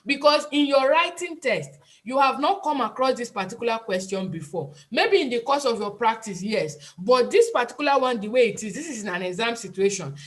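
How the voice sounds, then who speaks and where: A woman's voice: fairly high pitch, lively intonation, brisk. A Nigerian woman teaching an online IELTS speaking class in an earnest, emphatic way, repeating her key points.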